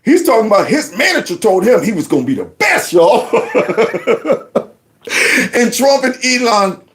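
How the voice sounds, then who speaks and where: A man's voice: high voice, measured pace. A man hosting his channel, giving mocking reaction commentary on news clips. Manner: mocking, laughing, animated. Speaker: channel host.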